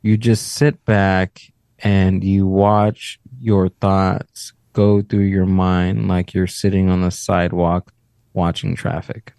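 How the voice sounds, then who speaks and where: A man guesting on a podcast, calm and reflective, explaining ideas with everyday images. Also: deep voice, slow, vocal fry, clean tone, no echo. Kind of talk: casual podcast chat.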